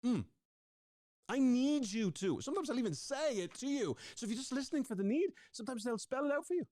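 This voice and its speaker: A man's voice: very high voice, animated, a little fast, a little mellow, no echo, studio quality. A man presenting a live online workshop on conflict, talking energetically, often repeating words and putting questions to his audience. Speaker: relationship coach presenting a workshop.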